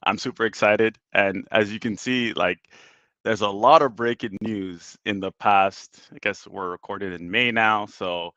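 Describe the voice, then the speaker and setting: A man speaking as a guest on a video call, relaxed and easygoing. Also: on the low side, measured pace, no room sound. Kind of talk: casual video-call chat. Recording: dull, dry video-call audio.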